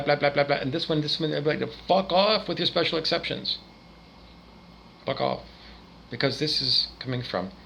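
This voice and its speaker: A man from Canada ranting angrily, swearing often and swinging between loud outbursts and quieter muttering. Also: medium pitch, vocal fry, slight background noise, poor audio. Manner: profane, agitated ranting with swings in loudness. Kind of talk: angry rant monologue.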